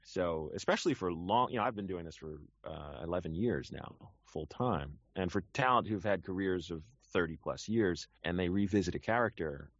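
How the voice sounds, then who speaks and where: Animated low-voiced voice actor. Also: male voice, normal speed, few pauses, no room sound, muffled recording. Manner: animated, rambling with restarts. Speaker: professional voice actor. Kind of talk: casual conversation.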